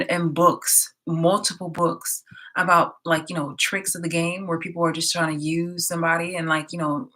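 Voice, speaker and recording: A woman's voice: fairly low pitch, bright, forceful tone. A woman vlogger in a casual, profane, exasperated reaction rant, laughing often, filmed indoors. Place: indoor room.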